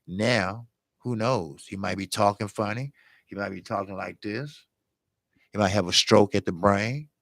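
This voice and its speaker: Gravelly low-voiced man, blunt and earnest. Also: no room sound. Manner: earnest and blunt, repeats himself for emphasis. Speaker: boxing channel host. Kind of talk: casual live-stream commentary.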